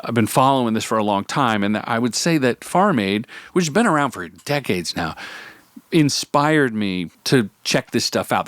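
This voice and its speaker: A man's voice: mid-range voice, no echo, studio quality. A man hosting a podcast, talking in a chatty, rambling, upbeat way and often breaking off mid-sentence. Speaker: podcast host. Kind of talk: casual solo podcast monologue.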